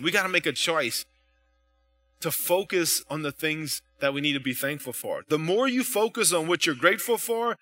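Man, pastor, conversational sermon, high pitched, very bright tone. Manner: conversational preaching with frequent "you know" and "right?".

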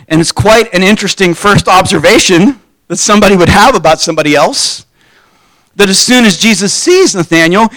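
Man, preacher, casual sermon, slow unhurried delivery, dry close sound. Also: high-pitched, a bit bright, no echo. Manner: informal, poses rhetorical questions, acts out quoted voices. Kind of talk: conversational sermon.

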